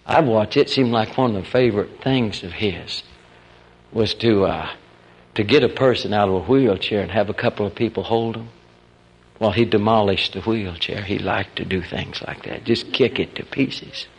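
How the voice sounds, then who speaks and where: A man preaching in a folksy, animated storytelling style, acting out the quotes of the people in his stories. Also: fairly low pitch, normal speed, slightly rough. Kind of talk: storytelling sermon.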